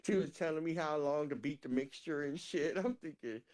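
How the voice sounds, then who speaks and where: A woman co-hosting a casual chat, telling animated, profane stories and laughing through them. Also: low-pitched, moderate pace.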